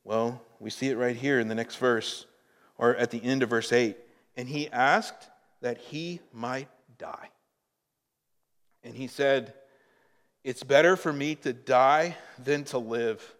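A man preaching a sermon as a pastor, slow and emphatic, swelling in volume on key points. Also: medium pitch, fairly bright tone, big-room sound.

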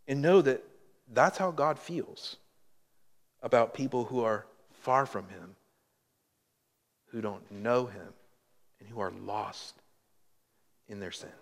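A man preaching a sermon as a pastor, slow and emphatic, swelling in volume on key points. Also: medium pitch, in a large hall.

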